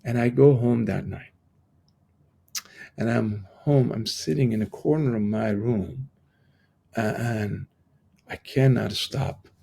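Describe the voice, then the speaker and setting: A middle-aged man with a deeply gravelly, husky voice tells a personal story as a podcast guest. He talks haltingly, often restarting his sentences, and slips into the voices of the people he quotes. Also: warm tone. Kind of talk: conversational storytelling in an interview.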